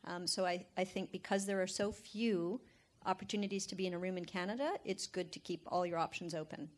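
A woman on a panel, a writer, giving measured advice to aspiring writers. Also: on the low side, steady tone. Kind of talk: panel Q&A talk.

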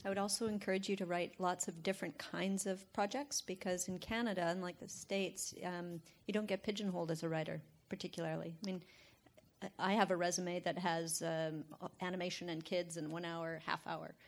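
A woman with a fairly low voice speaks on a panel as a working writer. Her delivery is calm and measured as she offers advice. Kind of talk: panel Q&A talk.

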